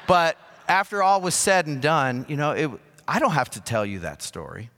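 A man preaching to his congregation, his voice bright and forward. He tells stories from his own life with easy, self-deprecating humor. His words ring out with the long reverb of a large hall. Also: mid-range voice, sing-song, moderate pace, few pauses. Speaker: pastor. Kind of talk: sermon. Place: church sanctuary.

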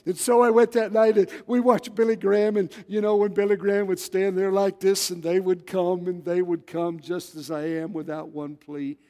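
A pastor preaching a folksy sermon, calling for amens and rising to shouts. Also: male voice, sits high, flat delivery, moderate pace, few pauses. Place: church sanctuary. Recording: long reverb of a church hall.

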